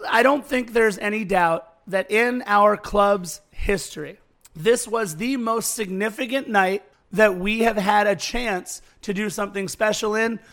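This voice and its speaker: A man co-hosting a sports podcast, hoarse from the night, hyped and jokey with quick asides. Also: sits high, a bit bright. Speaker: podcast co-host. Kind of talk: casual sports podcast chat.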